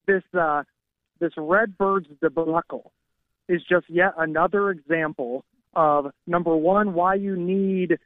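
A man's voice: high-pitched, dry recording. Combative male caller on a tinny phone line. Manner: confident, combative. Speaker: political strategist guest on a call. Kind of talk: phone-in talk radio interview.

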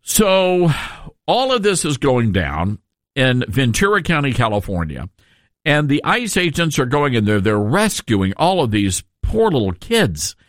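A man's voice: mid-range voice, wildly swooping pitch, unhurried, a bit bright, no echo, clean studio sound. A male radio host giving a sarcastic, emphatic talk radio monologue, with frequent asides to his listeners.

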